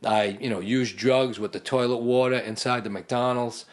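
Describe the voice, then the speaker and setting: A man's voice: mid-range voice, moderate pace. A middle-aged man, a podcast guest, telling a long personal story in casual conversation and acting out what others said. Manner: animated storyteller who acts out other people's lines.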